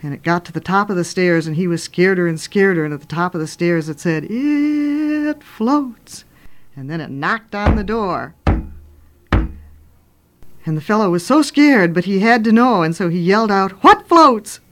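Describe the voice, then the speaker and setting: A woman's voice: on the low side, moderate pace, a little hiss or hum. Older woman telling spooky stories. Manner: animated, dramatic storyteller with sudden loud and hushed turns. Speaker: radio host and children's author. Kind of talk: storytelling on radio.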